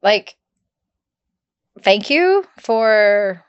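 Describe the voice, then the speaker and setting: A woman's voice: medium pitch, very animated, drawn-out words, smooth, dry recording, lo-fi sound. A woman hosting a podcast, asking long rambling questions in a supportive, casual way. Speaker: podcast host. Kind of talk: casual interview chat.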